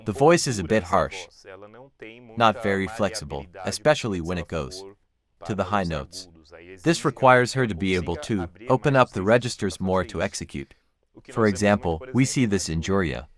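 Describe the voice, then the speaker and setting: Low-voiced man explaining singing technique. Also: normal speed. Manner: calm, explanatory, walks through vocal anatomy step by step. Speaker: classical bass singer reviewing a vocal performance. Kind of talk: reaction commentary analysing singing technique.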